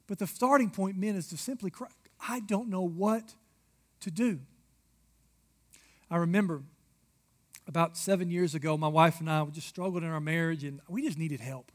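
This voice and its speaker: A man's voice: on the high side, brisk. A man preaching a sermon, candid and personal, speaking directly to the congregation. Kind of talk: sermon to a men's audience.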